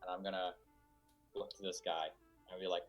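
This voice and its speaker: A man's voice: sits low, little pitch movement, normal speed, soft background music. A man playing a tabletop game, laid-back and rambling, describing his character's moves. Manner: rambling, laid-back, often drops to a quiet mumble. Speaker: player. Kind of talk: casual tabletop play.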